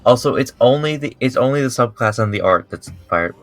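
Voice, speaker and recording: A man chatting casually as a player in a tabletop game, halting and laughing often. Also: mid-range voice, expressive, a bit bright, faint music behind.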